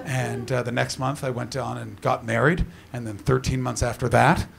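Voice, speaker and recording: A man performing a stand-up comedy set, telling a story in an animated way, full of swearing and asides to the crowd. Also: medium pitch, normal speed, creaky. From Canada. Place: comedy venue stage with live audience. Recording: noisy live room with audience laughter.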